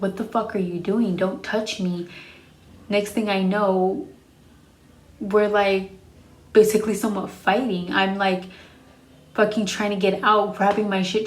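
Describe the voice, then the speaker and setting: A woman's voice: medium pitch, roomy sound. A young adult woman telling a personal story in a casual storytime vlog, frank and profane. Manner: frank and profane, blunt retelling.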